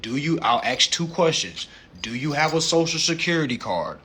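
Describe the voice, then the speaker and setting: A man hosting a casual livestream chat, animated and profane, laughing often and peppering his talk with slang. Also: on the high side, moderate pace, breathy edge. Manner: slangy, repeats "you know what I'm saying". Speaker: livestream host.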